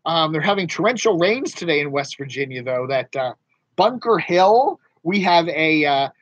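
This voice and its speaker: A man's voice: on the high side, a little fast, a bit bright, dry recording, lo-fi sound. A man hosting a casual live stream, chatting with viewers in a rambling, chuckling way. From mid-Atlantic United States. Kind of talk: casual live chat reading viewer comments. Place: home studio in Northern Virginia.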